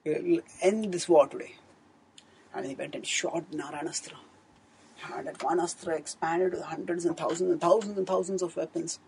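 A man's voice: a little high, fairly even intonation, moderate pace, gravelly, darkish tone, a little hiss or hum, poor audio. A man giving a scriptural storytelling discourse as a spiritual teacher, in an earnest manner, often correcting himself. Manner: earnest, fluent retelling with frequent self-corrections.

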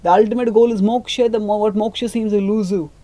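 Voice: mid-range voice, fairly even intonation, fast talker, dark tone, no room sound, voice pushed up, close to an everyday voice. A grieving priestly father laments life's misery, voice raised and strained with despair. A storyteller acts him out in a spoken retelling. He piles up anguished questions. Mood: lamenting.

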